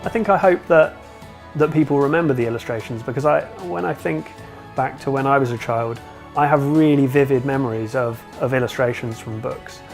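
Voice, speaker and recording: A man's voice: mid-range voice, fairly quick, gravelly. Hesitant man, faint music behind. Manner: hesitant, with many fillers. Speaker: illustrator. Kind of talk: interview remarks.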